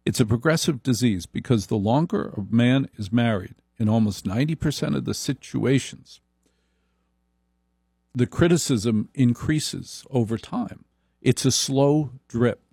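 A man delivering a comic monologue in a slow, deliberate, wry manner. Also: medium pitch, vocal fry, a little mellow, husky, no echo, clean studio sound.

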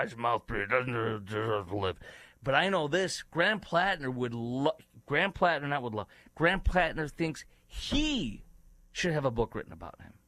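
An indignant male host rants through political commentary, trailing off into fillers and restarts. The voice sits in an ordinary middle pitch, recorded close and dry with no room sound. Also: a bit bright, no room sound. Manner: heated, indignant, rambling with fillers. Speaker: talk show host. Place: studio in Dallas.

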